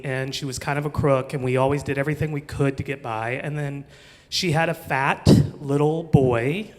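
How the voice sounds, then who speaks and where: Self-mocking storyteller man in a reverberant hall. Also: on the high side. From Missouri, USA. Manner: chatty, self-mocking, laughs through his story. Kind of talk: live comedic storytelling.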